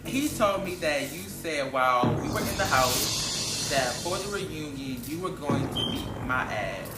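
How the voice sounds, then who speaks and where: A man talking in a casual group chat, an animated reality show cast member who laughs easily. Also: mid-range voice, measured pace, loud music behind the voice. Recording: echoey room with noticeable noise.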